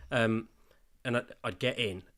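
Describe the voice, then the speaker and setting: A man's voice: medium pitch, fairly even intonation, unhurried, fairly bright tone. A man, a father co-hosting a podcast, telling his story openly and emotionally with some swearing. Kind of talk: candid podcast chat.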